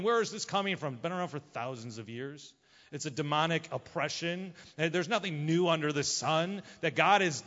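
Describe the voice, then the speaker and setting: A man preaching a sermon, retelling a Bible story in an animated way and acting out the characters' lines. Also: on the high side. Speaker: pastor. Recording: muffled sound with long hall reverb.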